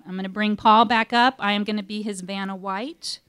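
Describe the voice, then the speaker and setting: A woman's voice: mid-range voice, fairly even intonation, fairly quick, a bit bright, clear, resonant tone. A woman emceeing a school poetry slam, teary and emotional, making rambling announcements with restarts. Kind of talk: emceeing a live event. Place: school library event.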